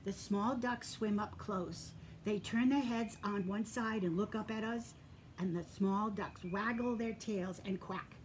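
Woman, preschool teacher, storybook read-aloud, gentle, encouraging, soft whispers, medium pitch. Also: measured pace, a little hiss or hum. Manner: gentle and encouraging, addresses children directly; drops to a soft whisper for quiet moments. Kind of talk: reading a picture book aloud to young children.

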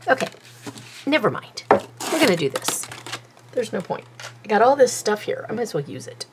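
A woman's voice: fairly high pitch, very animated, moderate pace, background noise. A woman chatting casually to herself while she does a paper craft at her table, self-mocking and talkative. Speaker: craft video host.

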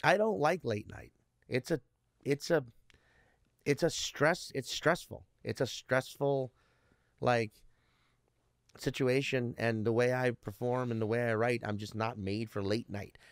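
This comedian guest, a man in his thirties, has a mid-range voice and an unhurried delivery full of long pauses. He swears heavily while telling meandering stories in casual interview chat, recorded in studio quality with no room sound.

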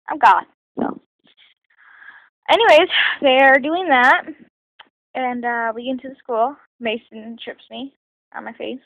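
A woman's voice: on the high side, no echo. Rambling teenage girl on phone video. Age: teens. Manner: rambling, halting with many ums and restarts. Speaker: vlogger. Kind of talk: casual storytelling to camera. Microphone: phone camera. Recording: dull lo-fi phone recording.

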